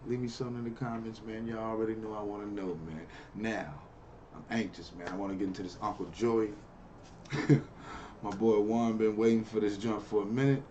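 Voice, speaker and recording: A man's voice: on the low side, mellow, muffled recording, a little hiss or hum. A man hosting a reaction video, chatting in a laid-back way and tacking "man" onto most lines. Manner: laid-back, says "man" constantly, laughs often. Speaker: reaction channel host. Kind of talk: casual reaction commentary.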